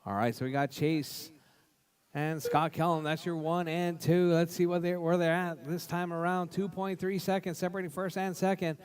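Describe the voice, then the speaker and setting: A man's voice: a little high, fairly even intonation, moderate pace, clear, resonant tone. Man calling a toy car race. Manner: loud calls of grid spots, chatty play-by-play. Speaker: race announcer. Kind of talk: live race commentary. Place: indoor RC car track.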